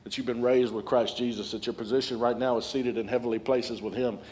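A man in his forties preaching a sermon as a guest speaker, animated and humorous, building to loud peaks. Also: mid-range voice, a little fast. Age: 40s.

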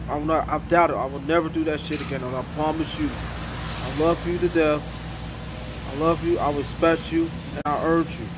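A man vlogging a casual, rambling apology to camera, halting and repeating himself. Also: a little high, background noise. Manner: repetitive, halting, with restarts.

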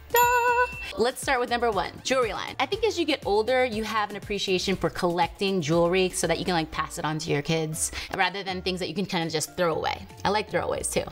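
Woman host, casual to-camera chat, bubbly, laughs a lot, soft music underneath. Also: on the low side. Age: adult with a teen daughter and a baby. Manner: bubbly, laughs often, chatty asides.

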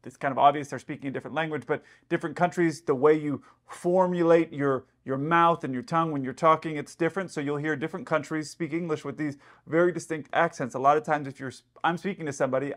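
Airline pilot host, slightly higher voice, chatty explainer, casual commentary. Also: male voice, fast talker, few pauses. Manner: chatty, explanatory, speculating aloud.

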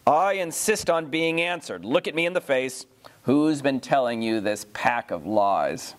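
A man's voice: mid-range voice, expressive, unhurried, natural voice. A man reading a storybook aloud, voicing a stern, tyrannical middle-aged king who scolds his young nephew with cold commands. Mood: thundering.

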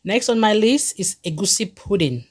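A woman's voice: mid-range voice, expressive, moderate pace, breathy edge. A young woman with a Cameroonian accent, presenting a list of dishes in a chatty, enthusiastic way. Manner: enthusiastic, chatty, laughs easily. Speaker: food vlogger.

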